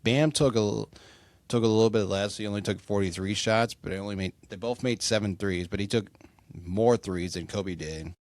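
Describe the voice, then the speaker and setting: A man's voice: fairly low pitch, normal speed, a little mellow, no room sound. A young man hosting a solo sports podcast, rambling casually with lots of fillers and swearing. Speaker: podcast host.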